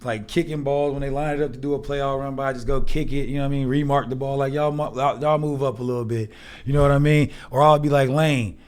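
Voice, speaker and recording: A man's voice: mid-range voice, quick pace, clean tone. A man in his thirties, a former football player, telling a rowdy story as a guest, acting out the people he quotes in a raised voice and swearing freely. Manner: animated, profane, acts out quotes with raised voice. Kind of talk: casual storytelling chat.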